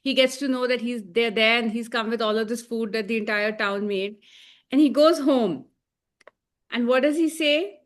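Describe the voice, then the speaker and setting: A woman's voice: a little high, moderate pace. A woman co-hosting a casual review chat, ranting emphatically with sarcasm and plenty of swearing. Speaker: co-host.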